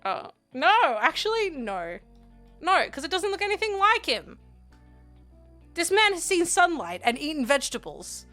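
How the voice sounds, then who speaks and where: Giggly high-voiced woman streamer. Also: very animated, measured pace. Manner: giggly, rambling, bursts into loud playful yelling. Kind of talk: casual live-stream chat with viewers. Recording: faint music behind.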